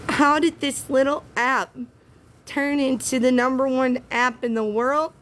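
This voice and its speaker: A woman's voice: high-pitched, steady tone, fairly bright tone. Emotional, teary Southern woman. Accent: Southern American. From Southern United States. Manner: emotional, tearful, halting. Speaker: livestream host. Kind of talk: casual livestream chat.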